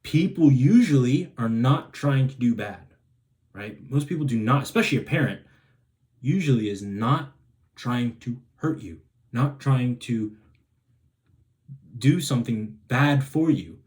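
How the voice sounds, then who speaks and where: A man's voice: medium pitch, animated, a little slow, pauses often, a little mellow. A man hosting a self-help video who talks in a rambling, casual way, restarting sentences and checking in with "right?". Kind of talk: casual advice monologue.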